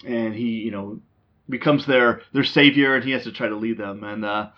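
A man's voice: medium pitch, moderate pace. Rambling man with a muffled sound. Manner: rambling, full of ums and restarts. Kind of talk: casual movie chat. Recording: dull lo-fi sound.

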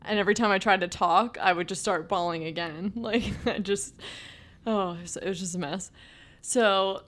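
A woman's voice: mid-range voice, moderate pace, fairly bright tone. A young woman co-hosting a podcast in casual chat, talking in a chatty way with many fillers and restarts. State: pregnant. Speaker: podcast co-host.

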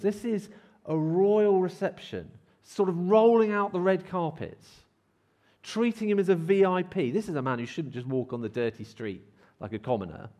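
A man delivers a sermon in church, his voice sitting a little high for a man. He reads scripture aloud and explains it with animated energy, now and then acting out the shouts of a crowd. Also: normal speed. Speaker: preacher.

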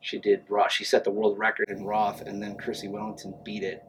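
Animated man telling a story. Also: fairly low pitch, brisk, a little hiss or hum, low-quality recording. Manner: animated storyteller acting out quoted voices. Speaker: guest, amateur triathlete. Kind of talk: casual storytelling interview.

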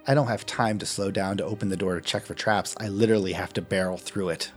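A man playing a tabletop game, narrating his character's actions in an unhurried storytelling way. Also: low-pitched, steady tone, soft background music. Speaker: player.

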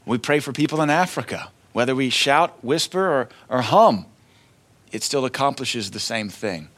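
A man's voice: medium pitch, normal speed, fairly bright tone. A man preaching a sermon to his congregation in a conversational way, acting out short quotes as he goes. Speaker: pastor.

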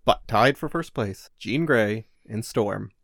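A man's voice: on the low side, expressive, takes it slowly, vocal fry, fairly bright tone, no echo, studio quality. A man co-hosting a podcast in casual chat, talking loosely, laughing often and reading out listener mail. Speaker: podcast co-host.

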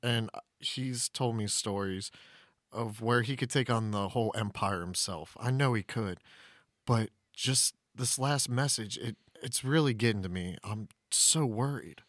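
A man playing a worried thirteen-year-old boy sorcerer who talks earnestly and haltingly in a tabletop role-play. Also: on the low side, a bit bright, no echo, studio quality.

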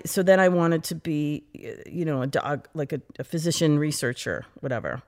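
A middle-aged woman from the United States, an interview guest, telling stories in a lively, chatty way and acting out her past self. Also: sits low, moderate pace. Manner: animated, quotes her past self, frequent laughs and "like". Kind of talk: casual interview storytelling.

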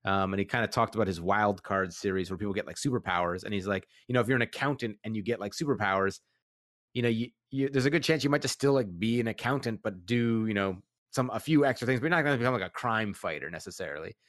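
A man's voice: on the low side, fast talker, a bit bright, dry recording. Rambling enthusiastic man, dry close sound. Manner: rambling, enthusiastic, many fillers. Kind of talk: casual TV recap chat.

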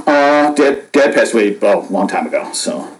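A man in his fifties from upstate New York, a podcast guest telling stories in a relaxed, rambling way with lots of fillers. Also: mid-range voice, normal speed, music in the background, low-quality recording. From Buffalo, New York, USA. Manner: rambling, laid-back, many fillers and restarts. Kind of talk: casual storytelling chat.

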